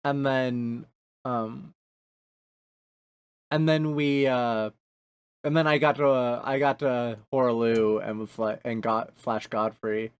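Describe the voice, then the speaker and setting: A male podcast co-host chatting casually about video games. His voice sits at an ordinary middle pitch. He rambles through stories, restarts his sentences often and swears freely. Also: steady tone, slow, pauses often, clear, resonant tone. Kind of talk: casual chat.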